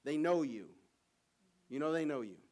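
A man preaching a sermon in a church, animated, asking the congregation for call and response. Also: on the high side, normal speed.

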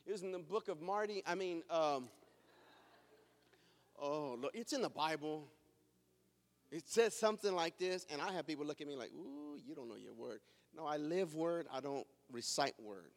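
A man preaching a sermon, telling self-mocking personal stories in an animated way in a church building. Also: fairly high pitch, normal speed, long pauses. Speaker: pastor. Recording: long reverb of a large hall.

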